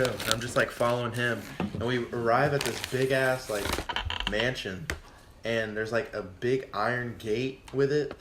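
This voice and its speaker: Young man, podcast guest, swearing, lively storytelling, echoey room, faint background noise. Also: mid-range voice, a little slow. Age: 20s. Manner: profane, animated, acts out quotes. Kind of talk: casual storytelling chat.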